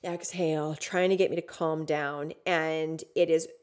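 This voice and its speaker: A woman's voice: low-pitched, steady tone, measured pace, clean tone. A woman hosting a podcast, telling a personal story candidly and emotionally, with frequent swearing. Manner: candid, profane, emotional retelling. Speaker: podcast host.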